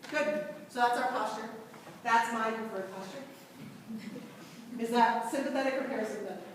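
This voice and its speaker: A woman teaching a class and quizzing the students, lively, recorded from far off in a large lecture room. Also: fairly high pitch, moderate pace, a little hiss or hum. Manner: lively, asks the class questions. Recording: echoey hall from far off.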